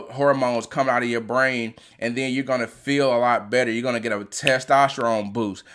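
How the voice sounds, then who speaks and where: A man, an athletic trainer and podcast host, giving an animated motivational talk and often restarting his phrases. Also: mid-range voice.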